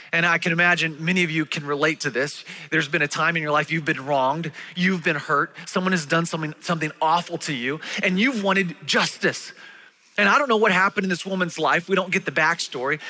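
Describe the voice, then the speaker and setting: A man preaching a sermon, telling stories with animated delivery and acting out the voices of the people in them. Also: fairly high pitch. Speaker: pastor.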